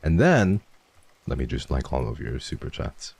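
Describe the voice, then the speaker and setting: A man chatting playfully on a livestream, teasing viewers and swearing freely as he reads donations, jumping between loud bursts and hushed murmurs. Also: very deep voice, huge pitch swings, normal speed, slightly rough, no echo. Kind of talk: casual livestream chat, reading donations.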